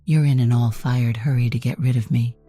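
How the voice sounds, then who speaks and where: A woman's voice: very deep voice, steady tone, brisk, warm tone, husky, faint music behind. A woman voicing a smug, theatrical male predator who mocks his prey. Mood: amused. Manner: theatrical, mocking.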